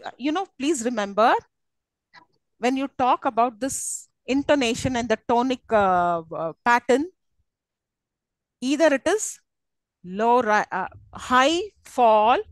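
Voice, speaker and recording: Lady teacher, kinda high voice, lots of "you know", asks the class stuff, dry close sound. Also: no room sound, poor audio. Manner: explanatory, asks students questions, many fillers. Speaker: university English lecturer. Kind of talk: live lecture to students.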